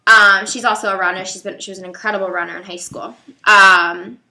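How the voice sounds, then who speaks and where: Young woman vlogger, bright tone, chatty and hesitant, lots of fillers. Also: medium pitch, steady tone, fairly quick. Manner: rambling, hesitant, heavy on fillers. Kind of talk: casual talk to camera.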